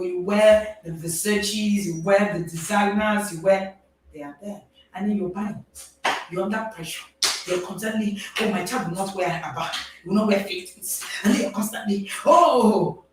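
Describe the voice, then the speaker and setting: A woman with a Nigerian accent, a parenting coach speaking to a live audience in an animated way, often laughing and checking in with listeners. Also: mid-range voice, a little hiss or hum. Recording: very echoey, distant mic.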